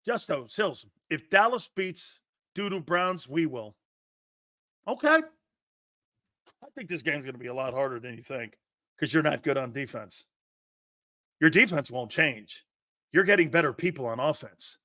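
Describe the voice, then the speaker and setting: High, sharp-voiced man ranting. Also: lively intonation, moderate pace, long pauses, no room sound, clean studio sound. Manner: combative, sarcastic, reads and answers chat comments; crude and emphatic, swears, repeats points. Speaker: sports talk host. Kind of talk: livestream sports rant.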